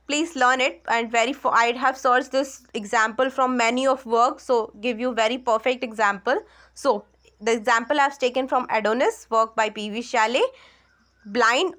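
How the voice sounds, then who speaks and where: A woman's voice: high voice, fairly bright tone. A woman with an Indian accent giving an online literature exam lecture, explaining step by step and correcting herself as she goes. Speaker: exam prep teacher.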